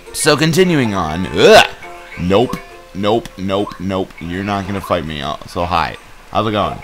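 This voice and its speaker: A young man giving casual, rambling commentary while playing a video game, joking and stumbling over his words with many fillers. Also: sits low. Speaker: let's play gamer. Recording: game music playing behind.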